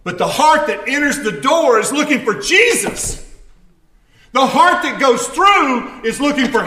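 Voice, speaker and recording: Male preacher, chatty storytelling sermon with dry humor, sharp bright tone, roomy echo. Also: extremely high pitch. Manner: storytelling, wry asides. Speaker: pastor. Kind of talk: conversational sermon.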